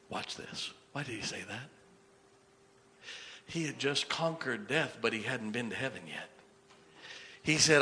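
A man preaching a sermon with fervor, repeating lines for emphasis and swinging from quiet to loud. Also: mid-range voice, lively intonation, moderate pace, pauses often. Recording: long hall reverb.

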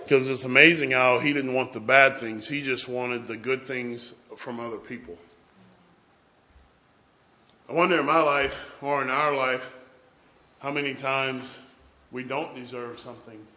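A man preaches a sermon to a responding congregation in church, telling humorous stories and acting out family scenes. His mid-range voice has a sharp tone, fairly even intonation and a moderate pace.

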